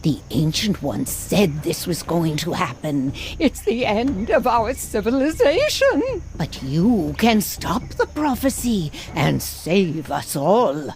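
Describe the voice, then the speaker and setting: A solemn talking stone head. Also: female voice, on the low side, big pitch swings, slow, darkish tone, a little hiss or hum, full character voice. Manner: grave, prophetic, then matter-of-fact. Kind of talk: video game voice acting.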